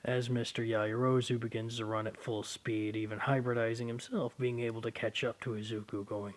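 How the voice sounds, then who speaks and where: A hoarse man with a sore throat casually narrating a fan story in a rambling, loose way. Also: mid-range voice, level tone, moderate pace, hardly any pauses.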